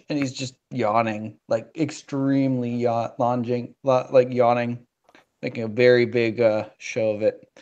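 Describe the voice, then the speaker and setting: A woman in a casual tabletop game session as a player, talking hesitantly with fillers and soft laughs. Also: very deep voice, dull audio.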